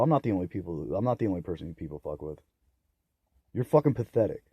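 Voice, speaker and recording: A man's voice: low-pitched, very animated, fast talker, breathy edge, dry recording, muffled recording. Bitter, swearing young man ranting. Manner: profane, bitter and ranting, with loud outbursts. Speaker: vlogger. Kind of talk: angry solo rant to camera.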